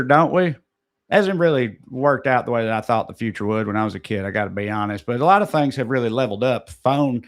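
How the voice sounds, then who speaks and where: A man co-hosting a podcast, reading sponsor ads in a casual way with joking, off-the-cuff asides. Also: medium pitch. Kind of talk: casual ad read.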